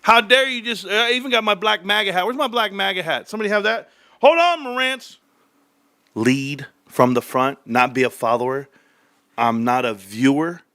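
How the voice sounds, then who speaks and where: Brash male streamer, mocking and profane; bright, tense, slightly high voice, close and dry. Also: lively intonation, normal speed, no room sound. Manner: brash, mocking, swears freely. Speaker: livestream host. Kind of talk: joking livestream commentary.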